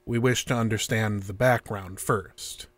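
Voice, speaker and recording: A cold, formal interrogator, low voice, dry close sound. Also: male voice, measured pace, dry recording. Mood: calm. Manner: flat, formal, repetitive phrasing. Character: calm, stiff male interrogator, unsettling. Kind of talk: audio drama acting.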